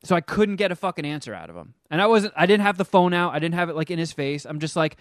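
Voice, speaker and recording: A man hosting a podcast, telling a story in casual chat, animated and profane. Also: fairly high pitch, fast talker, no echo, clean studio sound. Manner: animated, profane, acts out the people he quotes. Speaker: podcast host.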